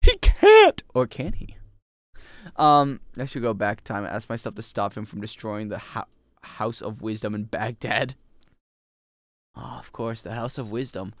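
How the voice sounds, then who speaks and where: Unhurried and recorded with no echo, a young male streamer rambles and cracks jokes with his chat while playing a video game. His pitch rises and falls in animated swings.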